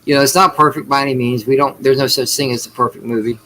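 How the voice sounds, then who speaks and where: A man's voice: mid-range voice, fairly even intonation, fast talker, sharp tone, slight background noise, rough recording. A man co-hosting a casual movie review chat, joking and sarcastic, swearing freely. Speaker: podcast co-host.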